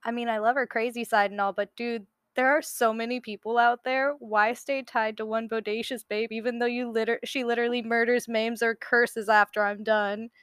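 A woman's voice: fairly high pitch, level tone, moderate pace, hardly any pauses, a bit bright, clean tone, dry recording, studio quality, lightly acted. A woman voicing Zeus as a breezy, womanizing male god who talks like a surfer bro. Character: laid-back philandering god Zeus, male.

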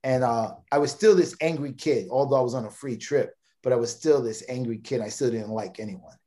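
Here the Brooklyn podcast guest, a man in his thirties, speaks a little fast in a mid-range voice with a dark tone. He wanders through a lengthy personal story, often stammering, repeating himself and starting over.

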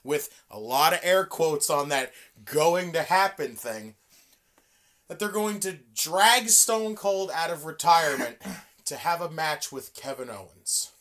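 A fairly low-voiced woman talks through a casual podcast, her pitch leaping up and down. She rants with heavy swearing, swinging from drawn-out stresses to rapid bursts. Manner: profane, animated, ranting. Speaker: podcast co-host. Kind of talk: casual wrestling chat.

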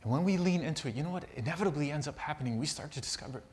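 A man's voice: a little high, animated, rapid-fire, a little mellow, slight background noise. A man preaching a sermon, telling a personal story and turning it into earnest reflection. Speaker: pastor.

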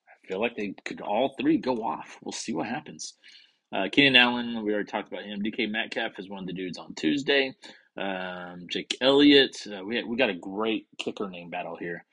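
Husky low-voiced man rambling about fantasy football. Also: normal speed, pushed and bright. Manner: rambling, wisecracking, swears under his breath. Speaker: fantasy football league podcast host. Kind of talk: casual solo sports chat.

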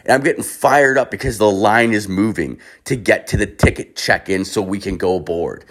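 A young man telling a long comic story in a profane, rambling, animated way. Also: lowish voice, normal speed.

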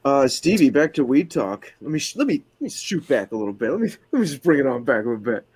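A man's voice: mid-range voice, big pitch swings, fast, a little mellow, breathy edge, dry recording. A man co-hosting a casual podcast over a video call, throwing in wisecracks and puns. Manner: wisecracking, punning.

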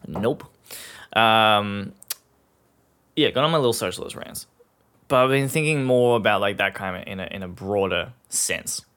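A man's voice: fairly low pitch, moderate pace, pauses often, fairly bright tone, smooth. A young Australian man hosting a solo podcast, rambling casually with plenty of swearing, fillers and laughs. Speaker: podcast host.

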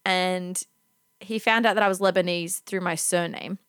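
A woman in her thirties with an Australian accent, telling an anecdote in casual chat, animated and self-deprecating. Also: on the low side, normal speed, clear, resonant tone, no echo, studio quality. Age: 30s.

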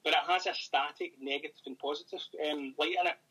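A Scottish man in casual interview chat, rambling and thinking aloud with many pauses. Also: fairly high pitch, steady tone, bright, forceful tone, breathy edge, rough recording. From Scotland. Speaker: paranormal investigator and author.

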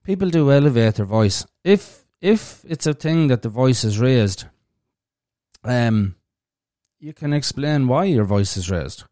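A man talks through his views on a solo podcast in a blunt, plain-spoken way, swearing without a second thought. His voice sits at an ordinary pitch for a man. The sound is dry and close, with no room echo. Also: lively intonation, unhurried, warm tone. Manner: blunt, frank, swears freely; thinks aloud with fillers and restarts. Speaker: podcast host. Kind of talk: casual solo podcast talk.

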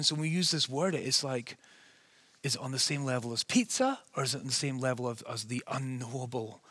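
A man from Scotland with a softened Scottish accent that is partly American, preaching an earnest, conversational sermon and asking his listeners rhetorical questions. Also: medium pitch, no echo. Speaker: pastor.

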